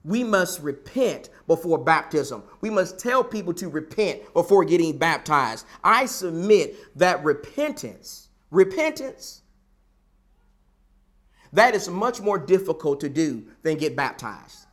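A man's voice: on the high side, expressive, a little slow, few pauses, a bit bright. A man preaching a sermon, emphatic and repetitive, building his points with rhetorical questions.

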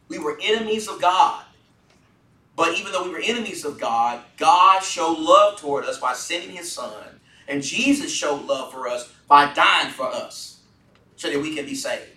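Bright-toned man teaching a Bible study. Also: a little high. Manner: earnest, asks the group questions. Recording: echoey room from far off.

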